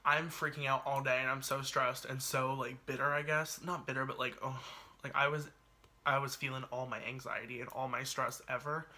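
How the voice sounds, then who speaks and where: A man's voice: mid-range voice, flat delivery, normal speed, sharp tone. A man telling a personal story on his vlog in a chatty, dramatic way, full of "like" and asides. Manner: chatty, dramatic retelling peppered with "like". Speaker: YouTuber.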